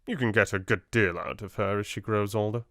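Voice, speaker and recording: A man with a British accent playing a shrewd middle-aged solicitor who speaks dryly and unhurriedly, with a quiet sinister edge. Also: fairly low pitch, steady tone, a little fast, no echo, studio quality, close to an everyday voice. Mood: coolly advising. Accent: British English.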